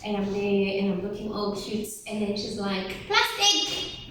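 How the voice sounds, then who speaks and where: In a very echoey room with faint noise, a distant-sounding woman with a medium-pitched voice leads a lively motivational workshop for teen girls. She speaks at normal speed and keeps prompting the group with questions, calling for their answers.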